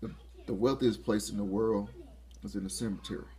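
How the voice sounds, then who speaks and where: A man giving a casual motivational talk to camera, excitable, laughing often and restarting his phrases. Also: lowish voice, a little fast. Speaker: motivational vlogger.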